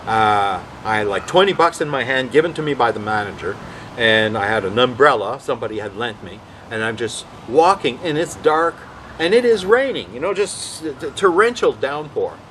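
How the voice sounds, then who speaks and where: Rambling, lively male storyteller. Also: medium pitch, normal speed, a little hiss or hum, poor audio. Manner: rambling, animated, quotes others in voices. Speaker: vlog host. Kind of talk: casual anecdotal storytelling.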